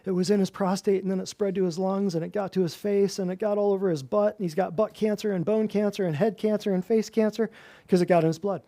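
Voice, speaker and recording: A natural health practitioner, high-pitched and quick, lectures energetically to a small group in an office room. He quizzes the audience, throws in jokes, and laughs as he goes.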